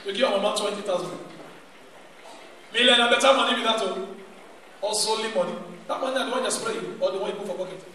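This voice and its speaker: Nigerian male stand-up, high voice, picked up far off in a big echoing venue with a laughing crowd. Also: fast, long pauses, noisy background. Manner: animated, bursts into shouts, mimics characters. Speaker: stand-up comedian. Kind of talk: stand-up comedy in Pidgin. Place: large live comedy venue. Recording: echoey live hall from far off.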